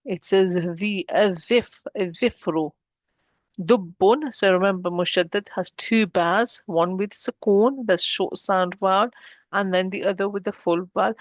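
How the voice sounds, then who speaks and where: A woman teaching a beginner Arabic lesson, patient and explanatory, slowing down to model each word. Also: mid-range voice, fairly even intonation, dry recording. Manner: patient, slows down to model pronunciation.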